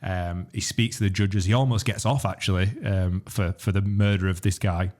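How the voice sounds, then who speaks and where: A man's voice: low voice, fairly even intonation, normal speed, darkish tone. A man hosting a podcast, retelling a film plot in a rambling, casual way with lots of restarts and swearing. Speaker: podcast host.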